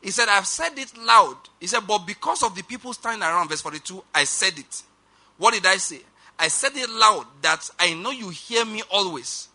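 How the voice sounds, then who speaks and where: Bright, high-voiced male preacher. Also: expressive. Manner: reads scripture aloud, slows for emphasis, urges the congregation. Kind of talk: sermon.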